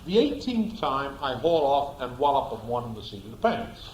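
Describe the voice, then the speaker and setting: A man giving a storytelling lecture in an animated way, repeating words for emphasis. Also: medium pitch, moderate pace, roomy sound, slight background noise, low-quality recording. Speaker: speaker, lecturer.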